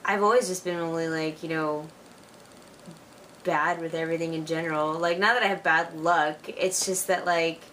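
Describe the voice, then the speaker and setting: A chatty young woman in her twenties records a casual video letter to a friend at home, excitable and full of "like" and "you know". The mic sits a little away from her, and faint noise hums underneath. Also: deep voice, normal speed, recorded from a distance. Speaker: vlogger. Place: at home, alone.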